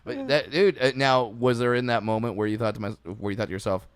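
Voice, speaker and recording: A man co-hosting a podcast, quick-witted and chatty, often chiming in. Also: mid-range voice, smooth, dry recording. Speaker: podcast co-host. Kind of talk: casual podcast chat.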